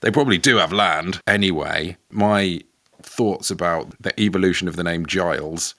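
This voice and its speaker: A man's voice: deep voice, normal speed, fairly bright tone. A man co-hosting a podcast in casual, dry, playful banter. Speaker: podcast co-host. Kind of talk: casual comedic chat.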